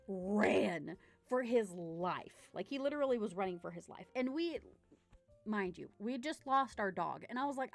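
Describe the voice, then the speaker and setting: A woman's voice: fairly high pitch, no echo. Woman, chatty vlogger, dry close sound, faint music underneath. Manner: chatty storyteller, gets loud and excited. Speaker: model horse collector vlogger. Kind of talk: casual chat while unboxing.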